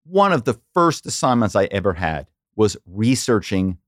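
A middle-aged man from the Philadelphia area, an animated storyteller who slips into quoted voices as a podcast guest. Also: fairly low pitch, moderate pace, no echo, studio quality. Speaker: podcast guest, former corporate spy. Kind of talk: casual interview storytelling.

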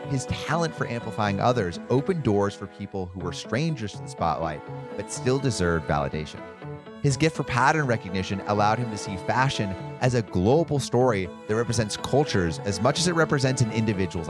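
A man giving scripted documentary narration in a dramatic, measured storytelling manner. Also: on the low side. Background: background music.

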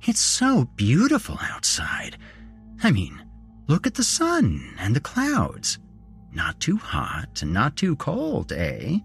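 A man's voice: medium pitch, huge pitch swings, slow pace, creaky, fairly bright tone, soft background music, pitched above the performer's own voice, exaggerated voice. A man voicing a cheerful, creepy grown man who swings from jolly chatter to a hissing whisper. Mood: gleeful. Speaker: storyteller. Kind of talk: horror story narration.

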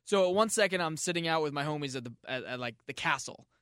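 An American man on a comedy podcast, talking in a rambling, jokey way with a bright, forceful tone and a slightly high voice. The sound is close and dry, with faint music underneath. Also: lively intonation, clear, resonant tone, no room sound. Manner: rambling, jokey, quick to riff. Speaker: podcast co-host. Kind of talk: casual comedic chat.

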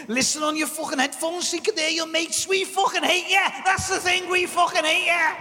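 A man's voice: very high-pitched, in a large hall, a little hiss or hum, pitched above the performer's own voice, full character voice. A man voicing a foul-mouthed, ranting woman who mocks her husband, recorded live on stage. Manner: sweary shouting rant. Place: live podcast show in a hall.

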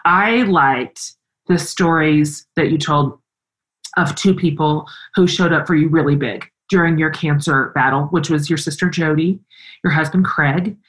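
A middle-aged woman hosting an interview, talking in an earnest, expressive way and telling personal stories with animation. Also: deep voice, a little slow, poor audio. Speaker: interview host. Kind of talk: conversational interview.

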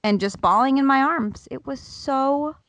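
A woman in her thirties chats with friends as a co-host, animated and full of feeling as she tells a story, and slips into her kids' voices when she quotes them. Her voice sits on the higher side, and the sound is dry and close, with almost no room around it. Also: a little slow, no echo. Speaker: podcast co-host. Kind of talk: casual chat among friends.

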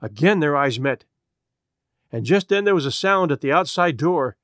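A man narrating a story aloud in a measured, expressive way. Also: fairly high pitch, no echo, studio quality. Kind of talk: storybook reading.

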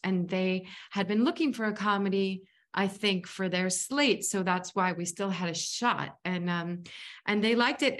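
A woman, an actress and filmmaker, telling stories in a casual interview, chatty and rambling with many fillers and restarts. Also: mid-range voice. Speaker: actress and filmmaker, podcast guest.

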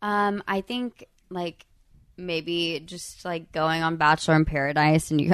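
A woman's voice: fairly low pitch, fairly even intonation, a little slow, smooth, dry recording, clean studio sound. Hesitant, giggly woman guest. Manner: hesitant, soft-spoken, giggly. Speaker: podcast guest. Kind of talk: casual chat.

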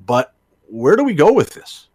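A man's voice: fairly high pitch, very animated, normal speed, darkish tone, husky, dry recording, clean studio sound. A man hosting a talk radio show, chatty, with joking asides. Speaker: radio podcast host.

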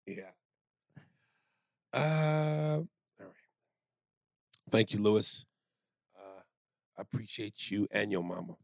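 A man co-hosting a comedy podcast in casual chat, loud and playful, slipping into silly bits. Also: on the low side, steady tone, unhurried, long pauses, no room sound. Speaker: podcast co-host.

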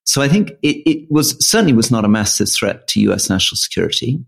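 A middle-aged man co-hosting a political podcast, reasoning through ideas in a measured, analytical way. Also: mid-range voice, big pitch swings, creaky. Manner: measured, analytical, thinking aloud. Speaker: podcast co-host. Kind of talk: casual political chat.

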